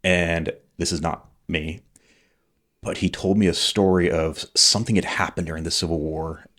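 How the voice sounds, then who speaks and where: A man's voice: low-pitched, steady tone, normal speed, a bit bright. A man in his forties, a military veteran guest, telling stories in casual chat, rambling with lots of fillers and freely swearing. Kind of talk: casual conversational storytelling.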